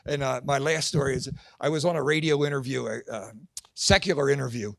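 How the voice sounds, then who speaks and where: A middle-aged man, a Christian comedian and pastor, telling an animated story in a speech at a fundraising gala. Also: medium pitch, a little fast, creaky, no room sound. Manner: animated storyteller acting out quoted voices.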